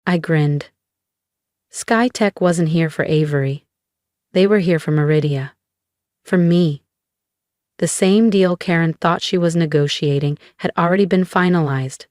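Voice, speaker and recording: A woman narrating a scripted first-person story in a calm, measured way. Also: low-pitched, no echo, studio quality.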